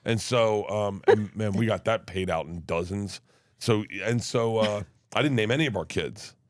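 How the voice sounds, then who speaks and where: A man with a low voice telling a long, rambling story in casual conversation, stopping and restarting as he goes. The sound is dry and close to the mic. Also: moderate pace, dry recording. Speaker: comedian guest. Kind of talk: casual chat.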